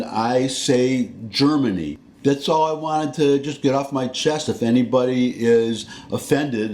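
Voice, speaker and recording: Slow, low-voiced Southern man vlogging. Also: steady tone, a little mellow. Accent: Southern American. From American South. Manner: rambling, self-correcting, folksy. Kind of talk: casual talking-head monologue.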